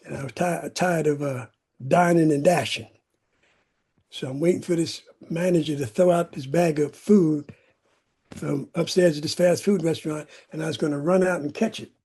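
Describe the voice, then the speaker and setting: A man from California tells his recovery story to a meeting. His voice is husky and mellow, pitched a little high. He builds his telling dramatically, stacking up emphatic repeated words. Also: fairly even intonation, moderate pace. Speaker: recovery speaker. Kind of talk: personal recovery testimony. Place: meeting room.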